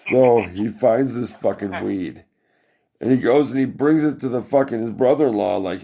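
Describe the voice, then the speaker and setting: A man's voice: mid-range voice, lively intonation, slow pace, vocal fry, darkish tone. A podcast host, a man, rambling through a profane, laugh-filled story in casual chat.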